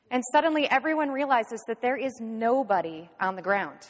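Animated woman retelling a story. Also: fairly high pitch, moderate pace, long reverb tail. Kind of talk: storytelling lesson.

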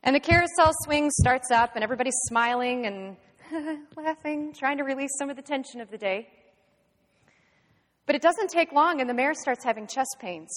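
A woman teacher giving an animated storytelling lesson in a reverberant room. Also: high-pitched. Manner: lively animated retelling.

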